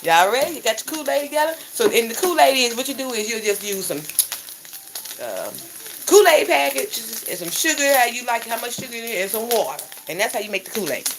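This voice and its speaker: A woman's voice: fairly high pitch, sing-song, a little fast. A woman chatting playfully to her viewers while she cooks breakfast, in a goofy, talkative way. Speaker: home cook vlogger. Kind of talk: casual cooking chat to viewers. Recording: sizzling cooking noise behind.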